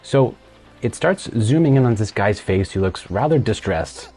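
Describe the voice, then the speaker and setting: A man hosting a casual solo show, retelling things in a rambling, animated way with plenty of restarts. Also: on the low side, moderate pace, husky. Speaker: podcast host.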